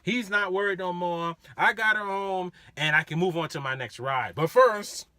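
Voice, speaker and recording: A rideshare driver telling stories in a casual, animated way, laughing as he goes. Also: high-pitched, moderate pace, dry recording. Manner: animated, laughing, acts out voices. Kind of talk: casual storytelling.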